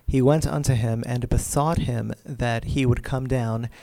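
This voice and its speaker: Man reading scripture, mellow and steady, dry close sound. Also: mid-range voice, a little slow, gravelly, no room sound. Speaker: scripture reader.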